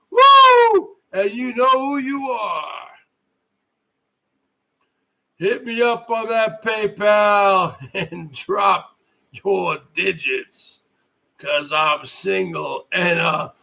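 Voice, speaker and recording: A middle-aged man hosting his own live stream, ranting at viewers in a loud, mocking way and often breaking into shouts. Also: sits high, creaky. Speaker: livestream host.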